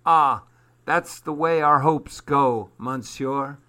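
Storybook figure: proud old bearded hobo as a man reads him aloud, wistful, dignified, slow and bright. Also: fairly high pitch.

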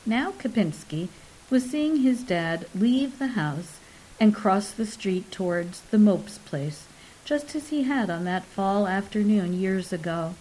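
A woman narrates a novel in a calm, measured reading. She takes her time, letting each sentence land at a slow, unhurried pace. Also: mid-range voice, a little hiss or hum, rough recording. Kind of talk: audiobook narration.

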